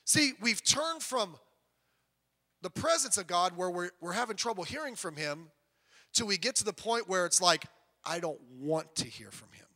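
A man preaching a sermon as pastor, animated, with sudden loud emphasis and quiet asides. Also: high voice, normal speed. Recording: long reverb of a church hall.

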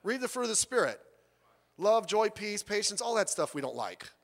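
A male pastor preaching a sermon in a church, animated and conversational, acting out the people he quotes and swinging from soft asides to loud outbursts. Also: high-pitched, normal speed, in a large hall.

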